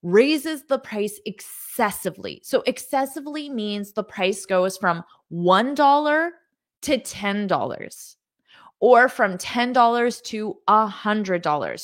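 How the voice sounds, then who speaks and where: A woman teaching an English lesson on a live stream, greeting viewers by country and repeating words slowly to model pronunciation. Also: medium pitch, lively intonation. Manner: enthusiastic, greets viewers, laughs often.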